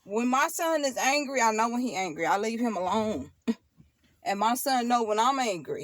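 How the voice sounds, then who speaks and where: Emphatic woman, slightly high voice. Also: moderate pace, dry recording. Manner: emphatic, repeats herself, laughs often, preachy asides. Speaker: tarot channel host. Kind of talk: casual monologue to viewers.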